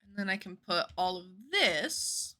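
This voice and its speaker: A woman's voice: mid-range voice, big pitch swings, a little slow, pushed and bright. A woman in her twenties, a livestreamer chatting casually and rambling while she plays a game, with the odd casual swear.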